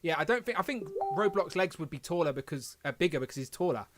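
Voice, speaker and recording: A man's voice: on the high side, animated, quick pace, music in the background. A man hosting a casual livestream, rambling and correcting himself as he reads the chat aloud. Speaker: podcast host.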